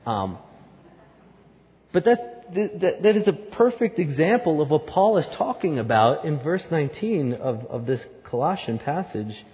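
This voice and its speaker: A man preaching a sermon, telling a story that builds to loud, emphatic peaks. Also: fairly high pitch, sing-song, a little slow, big-room sound. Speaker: pastor.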